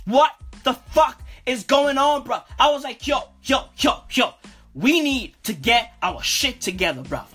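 Husky cocky bro guy, a woman doing him, high and swooping all over, cursing nonstop, faint music behind. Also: expressive, measured pace, fairly bright tone, heavily acted. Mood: boastful. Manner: cursing slangy bravado, constant "bruv". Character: swaggering profane male street bro, boastful. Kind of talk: comedic character monologue.

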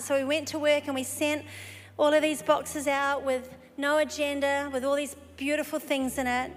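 A woman preacher telling a story in a sermon, animated and lively, breaking into excited exclamations. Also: high-pitched, moderate pace. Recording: live hall recording with long reverb.

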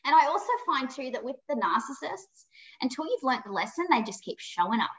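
Bright-voiced woman telling a frank story. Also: sits high, very animated, fairly quick. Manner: frank and emphatic, swears freely, acts out her own past dialogue. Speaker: podcast guest, psychic medium. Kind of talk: candid conversational storytelling. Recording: dull lo-fi audio.

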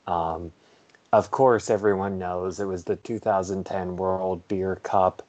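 Brief: male co-host, low voice, very unhurried, halting delivery with dry jokes. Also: fairly even intonation, darkish tone. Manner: slow, hesitant, many ums, dry humor. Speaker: podcast co-host. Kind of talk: casual podcast chat. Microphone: headphones on, studio mic.

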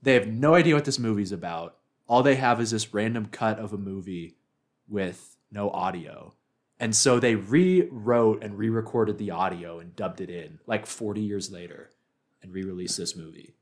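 A man's voice: fairly low pitch, normal speed. A man co-hosting a podcast, talking casually and rambling with lots of filler words. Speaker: podcast co-host. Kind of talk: casual chat.

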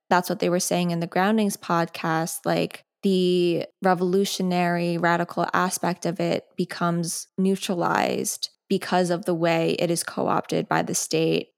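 A young woman in her twenties talks through her thoughts on her own podcast. Her voice sits a little low, and her speech is loose and conversational, full of "like" and quick side tangents. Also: clean tone. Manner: chatty, sidetracked, frequent "like". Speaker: podcast host. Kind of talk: casual solo podcast talk.

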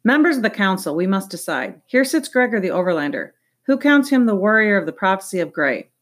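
A woman voicing a formal, grave older man who leads a council, speaking in measured tones. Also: mid-range voice, sing-song, fairly bright tone.

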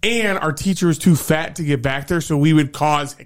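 Higher-voiced crude, excitable male host. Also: normal speed, smooth. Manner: excitable and crude, keeps saying "dude". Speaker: podcast host. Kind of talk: casual chat.

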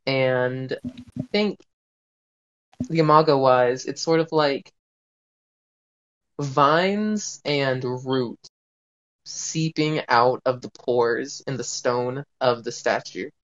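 A tabletop game player who describes their actions hesitantly and often pauses to search for words. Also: medium pitch, a bit bright, muffled recording.

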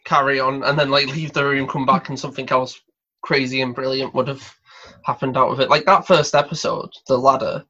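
A male host runs a casual podcast interview, chatty and a little hesitant as he gathers his thoughts. His voice sits at a middle pitch, and the recording sounds dull and lo-fi. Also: steady tone, fairly quick, bright, forceful tone, husky.

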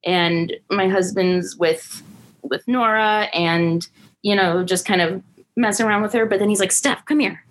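A woman's voice: medium pitch, fairly even intonation, a little slow. A young woman and new mother, talking in a casual, easygoing way. Her voice sits in the middle of the female range. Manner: tired, easygoing. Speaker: new mother sharing a story. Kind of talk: casual storytelling.

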